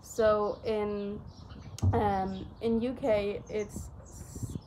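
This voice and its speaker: A woman's voice: medium pitch, flat delivery, extremely slow, noisy background. Young German woman, casual chatty talk. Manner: rambling, many fillers. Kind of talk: casual chat.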